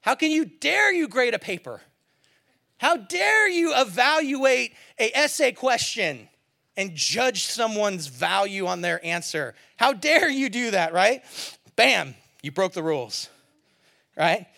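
High-pitched gravelly male pastor. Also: very animated, unhurried, bright, forceful tone. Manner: conversational, joking, acts out quoted voices. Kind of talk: sermon.

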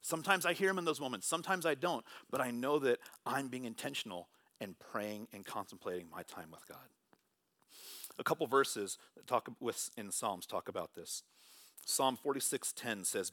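A man preaching a sermon in church, shifting between loud, animated bursts and hushed, quiet passages. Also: medium pitch, normal speed, no room sound. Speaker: pastor.

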